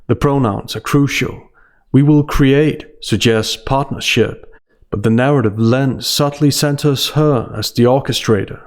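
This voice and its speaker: A man giving a scripted analytical voice-over in a dry, sarcastic manner. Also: mid-range voice. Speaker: commentary channel host.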